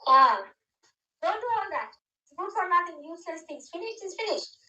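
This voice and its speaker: A grandmother in her later years leads a spiritual gathering and tells her followers plainly what to do. Her voice sits high and sounds bright and clear. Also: animated, normal speed, dull audio. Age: older. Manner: instructive, directive. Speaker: spiritual teacher.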